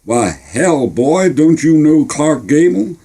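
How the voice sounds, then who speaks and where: A man's voice: a little high, very animated, slow, dark tone, breathy edge, voice pushed up, exaggerated voice. A man putting on a bragging Texan soldier. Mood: boastful. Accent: Texan American. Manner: bragging, drawling. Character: boastful American soldier, big Texan giant.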